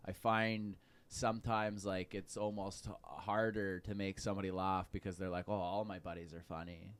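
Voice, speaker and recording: A man's voice: sits low, flat delivery, normal speed, slight background noise. A young man with an Alberta accent, a comedian guest talking loosely with lots of "like" and swearing in casual podcast chat. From Canada.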